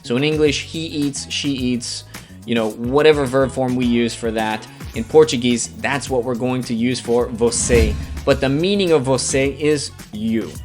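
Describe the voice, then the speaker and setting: A man's voice: medium pitch, moderate pace, a little mellow. A man from Alabama with a Southern American accent, teaching a beginner language lesson patiently, spelling out words and repeating examples. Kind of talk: scripted beginner grammar lesson. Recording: faint guitar music underneath.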